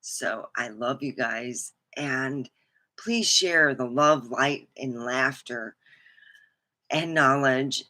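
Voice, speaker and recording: A woman's voice: very deep voice, extremely slow, bright, forceful tone. A woman hosting her own livestream, chatting in a rambling, frank way and swearing casually. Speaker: host.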